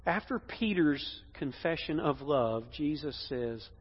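Husky high-voiced pastor preaching hard, loud then hushed, echoey dull church. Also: male voice, normal speed, few pauses. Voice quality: emphatic, swinging between loud and hushed. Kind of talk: sermon. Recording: dull echoey hall sound.

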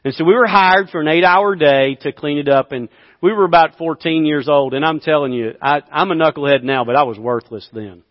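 A man in his fifties preaching a sermon, telling a story and swinging from quiet asides to loud bursts. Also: fairly high pitch, fairly quick, in a large hall, dull audio. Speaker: pastor.

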